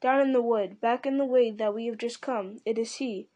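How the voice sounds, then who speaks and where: A woman voicing a calm, sharp-eyed male elf archer who speaks in a hushed, pointed way. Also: fairly high pitch, normal speed, natural voice. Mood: alert.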